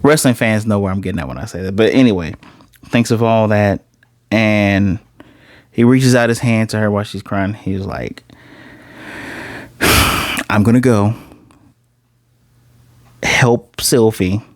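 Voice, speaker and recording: A man casually recapping and reviewing an anime episode, animated, slipping into quoted dialogue as he retells scenes. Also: lowish voice, moderate pace, dry recording, clean studio sound.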